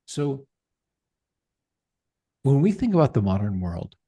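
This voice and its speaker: A middle-aged man gives an animated podcast interview, pressing his points with emphatic rhetorical questions. His voice is husky and breathy at the edges, with a warm, mellow tone at an average pitch. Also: takes it slowly. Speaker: podcast guest, tech founder.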